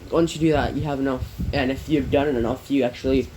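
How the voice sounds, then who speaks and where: A man's voice: mid-range voice, fairly even intonation, fast talker, lightly acted. A man voicing an eager young male hero with a thunder power, in an upbeat, explaining way, with a faint hiss behind him.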